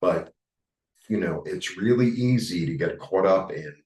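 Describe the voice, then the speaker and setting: A man with a New York accent giving a rambling, halting tarot reading, full of fillers. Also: low voice, lively intonation, a little mellow, echoey room, far from the mic, poor audio. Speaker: tarot reader. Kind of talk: casual spiritual monologue.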